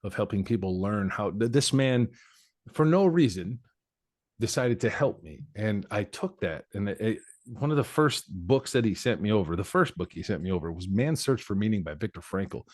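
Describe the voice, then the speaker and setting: Male podcast guest, 40s, deep-ish and dry, frank and reflective. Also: expressive, moderate pace, dry recording. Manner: candid, reflective storyteller. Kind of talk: personal life story in conversation.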